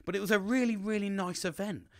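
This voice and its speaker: Talking fast in studio-quality audio with no room sound, a middle-aged man hosts a podcast. His casual monologue rambles, is thick with swearing and swings animatedly in pitch.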